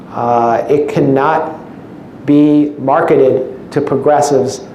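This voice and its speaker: A man's voice: a little high, warm tone. A man giving a public lecture as an invited speaker, with a wry, sarcastic sense of humor. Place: lecture room with an audience. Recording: echoey room with faint noise.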